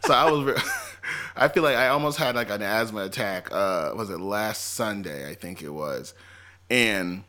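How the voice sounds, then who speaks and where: A man's voice: lowish voice, moderate pace, sharp tone. A young man co-hosting a casual chat, laid-back and joking, often laughing. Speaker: podcast co-host.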